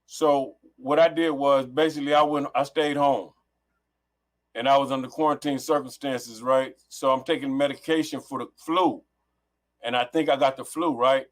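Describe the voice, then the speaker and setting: A man's voice: mid-range voice, steady tone, moderate pace. A middle-aged man from Los Angeles, a podcast guest telling a story over a headset, rambling with many restarts and swearing. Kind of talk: casual storytelling on a remote call.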